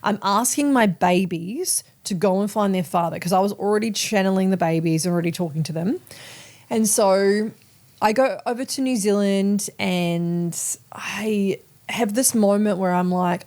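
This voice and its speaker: An Australian woman in her thirties hosts a casual podcast and tells a story. She talks in a lively way, swears freely and acts out the people she quotes. Her voice sits at an ordinary middle pitch. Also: moderate pace. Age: 30s. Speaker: podcast host.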